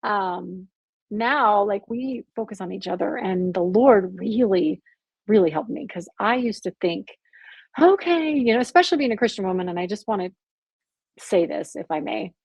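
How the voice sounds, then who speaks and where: Gravelly, husky woman telling her story. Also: mid-range voice, normal speed, dry recording. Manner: earnest, animated storytelling with frequent "like". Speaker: podcast guest, abuse survivor. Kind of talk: candid faith podcast conversation.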